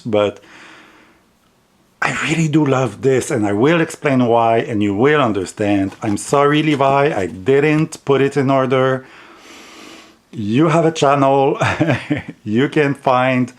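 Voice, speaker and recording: A man with a French accent talks slowly and casually to his viewers. He rambles a little, corrects himself and restarts his sentences, and his pitch sits in a middle range. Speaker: tarot deck reviewer. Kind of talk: casual video chat.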